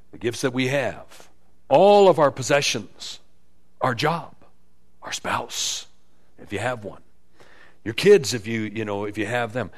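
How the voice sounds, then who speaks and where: Male pastor preaching; animated, emphatic, sarcastic when quoting, lively mid pitch. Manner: animated, swings from quiet to loud emphasis; acts out quotes with sarcastic inflection. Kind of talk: sermon.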